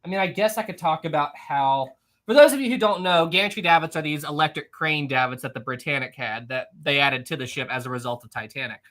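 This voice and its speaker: A man's voice: a little high, fast, fairly bright tone. A man hosting a casual live stream, reading viewer messages aloud, laughing often and repeating himself.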